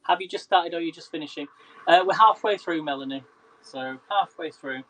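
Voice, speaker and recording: A man's voice: a little high, a little fast, bright, forceful tone, rough recording. A man chatting casually to viewers during a live cooking stream, often laughing and greeting people by name. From England. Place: home kitchen.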